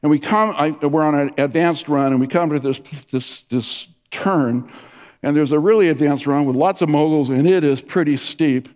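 A man's voice: a little high, normal speed, darkish tone. A middle-aged male pastor giving a sermon, telling stories with many restarts and fillers. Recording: long reverb of a large hall.

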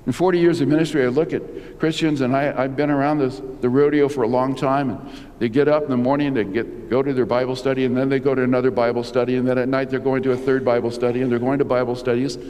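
A man's voice: medium pitch, flat delivery, fast, darkish tone. Older male pastor, conversational sermon, asks rhetorical questions, long church reverb.

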